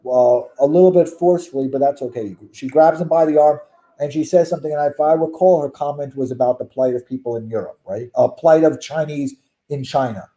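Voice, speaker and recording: A man with a high, sharp, bright voice talks in a casual chat. He argues his views with emphasis and keeps firing rhetorical questions. He sounds opinionated throughout. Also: fairly quick. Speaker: guest.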